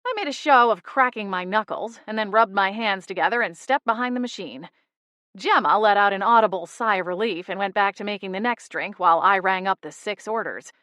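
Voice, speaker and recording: Bright, dry-voiced woman narrating. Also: mid-range voice, fairly quick, dry recording. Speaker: audiobook narrator. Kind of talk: first-person scripted narration.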